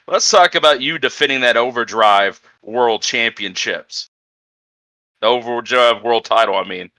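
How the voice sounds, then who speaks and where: A man of middle pitch with a bright, forceful tone hosts a wrestling press conference. He builds hype in an emphatic announcer style. The sound is close and dry on a home microphone. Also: dry recording, rough recording. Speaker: press conference host and interviewer. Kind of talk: hyped announcer-style interview.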